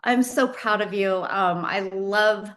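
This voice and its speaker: A woman's voice: medium pitch, takes it slowly, fairly bright tone. A woman hosting an online training call, enthusiastic and encouraging toward her guest. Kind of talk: casual live call.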